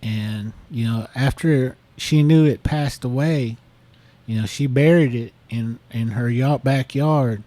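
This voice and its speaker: A man's voice: medium pitch, takes it slowly, warm tone, no echo. A man co-hosting a podcast, casually retelling a listener's story with lots of fillers and restarts. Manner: rambling, many fillers. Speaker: podcast co-host.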